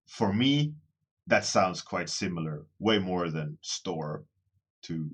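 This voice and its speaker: Low-voiced man chatting with his stream. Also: takes it slowly, a bit bright, breathy edge. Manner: rambling and self-deprecating, restarting phrases as he thinks aloud. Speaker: artist streaming a daily warmup. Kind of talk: casual livestream chat with viewers.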